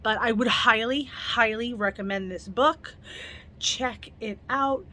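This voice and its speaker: A fairly high-voiced young woman talks through a book review at home late in the evening, chatty and eager though plainly tired. A faint hiss of room noise sits under her voice. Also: slow pace, pushed and bright. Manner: chatty, enthusiastic, laughs often. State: tired, yawning. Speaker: book reviewer, channel host. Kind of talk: casual book review vlog.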